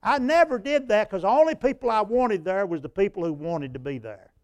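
Older man, revival preacher, high-pitched, folksy storytelling, impassioned, dry close sound. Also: animated, a little fast, dry recording. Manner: folksy, rising to impassioned when recounting prayers. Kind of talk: sermon with personal storytelling.

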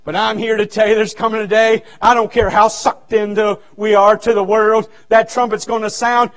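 High-voiced shouting preacher. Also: male voice. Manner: fervent, shouting, folksy. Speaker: guest revival preacher. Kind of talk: revival sermon. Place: church sanctuary.

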